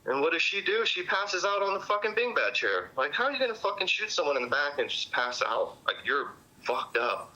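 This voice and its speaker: A man's voice: a little high, big pitch swings, fairly quick, pushed and bright, rough recording. A man recounting events to police in a rambling, casual way, full of fillers and cussing. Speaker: witness interviewed by police.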